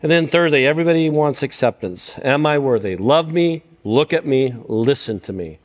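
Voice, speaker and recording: An older man giving a sermon on parenting, sappy and self-deprecating, moving between loud emphasis and hushed lines. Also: mid-range voice, normal speed. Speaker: guest speaker on parenting.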